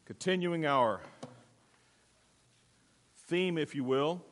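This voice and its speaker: A male pastor preaches in a church, telling a story emphatically and calling for amens. His voice sits a little high, and a long hall reverb trails every phrase. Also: slow pace. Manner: storytelling, emphatic, call-and-response. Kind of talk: sermon. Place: church sanctuary.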